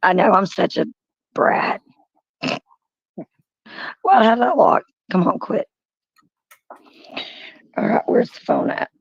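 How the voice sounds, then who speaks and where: A speaker chatting slowly and giggling on a live stream call over a muffled, low-quality mic. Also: very animated, creaky, breathy edge, no echo. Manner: slow, giggly, self-mocking. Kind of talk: casual group chat on a live stream.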